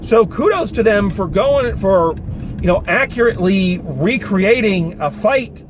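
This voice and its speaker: A man giving a casual, animated review of a film, talking with exasperation and some swearing, recorded in a car. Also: sits high, a little slow. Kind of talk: casual spoken movie review. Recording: noisy car interior.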